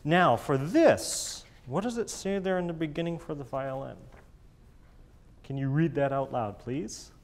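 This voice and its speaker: A bass teacher coaching a chamber group leads a master class in a slightly high, expressive voice at a measured pace. He encourages the players and sings phrases in scat syllables, with a faint hiss or hum in the recording.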